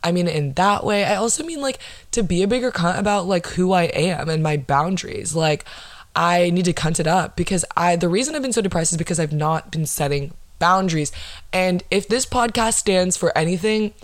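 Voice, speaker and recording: A woman's voice: fairly low pitch, animated, normal speed. A woman hosting her own solo podcast, ranting in a sarcastic, profane way full of fillers. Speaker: podcast host.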